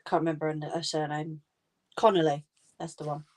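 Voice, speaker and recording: Chatty woman with a lowish voice. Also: flat delivery, brisk, darkish tone. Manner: chatty and informal, laughs often. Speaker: crafting livestream host. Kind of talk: casual livestream chat with viewers. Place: home.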